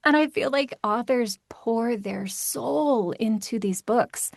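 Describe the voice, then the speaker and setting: Casting note: American woman, audiobook narrator guest, animated and chatty, dry close sound. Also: a little high, vocal fry, no room sound. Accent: General American. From Maryland, USA. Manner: chatty, animated, quick asides. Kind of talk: casual interview chat.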